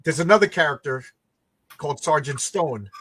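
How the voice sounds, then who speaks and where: A man's voice: on the high side, expressive, normal speed, a bit bright, breathy edge. A man, a comic creator who also works construction, telling a rambling story in casual chat, stumbling and restarting his sentences. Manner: rambling, frequent stammered restarts.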